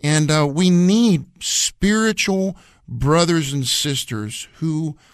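A man's voice: on the high side, slow, smooth, dry recording, studio quality. A man co-hosting a radio Bible study, talking earnestly and repeating phrases to drive his points home. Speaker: radio program co-host and Bible teacher.

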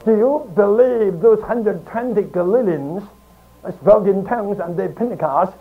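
A man preaching a sermon, teaching slowly and emphatically with long pauses between phrases. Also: high voice. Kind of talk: archival sermon. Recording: tinny phone-like archive recording.

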